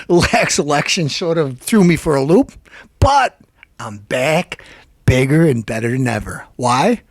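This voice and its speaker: Playing the hammy showman, this host hypes his event and interviews guests with animated, playful energy. His voice runs on the high side and unhurried, in a dry recording.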